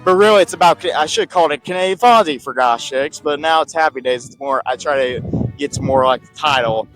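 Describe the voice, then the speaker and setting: A man's voice: fairly high pitch, fairly quick, a bit bright, faint music behind, low-quality recording. A man talking casually about the history of his video channel, rambling with many restarts and asides. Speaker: video creator looking back on his channel.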